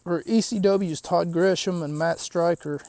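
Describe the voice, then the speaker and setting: Man, podcast host, high voice, dry close sound, rambling casual recap. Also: fairly even intonation, unhurried, darkish tone, no echo. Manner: rambling and chatty, with frequent ums and asides. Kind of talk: casual recap of a wrestling show.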